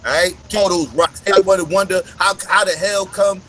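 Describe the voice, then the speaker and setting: A man's voice: sits high, steady tone, fast, bright, forceful tone, a little hiss or hum, poor audio. A man hosting a live discussion, ranting emphatically and swearing a lot. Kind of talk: casual chat.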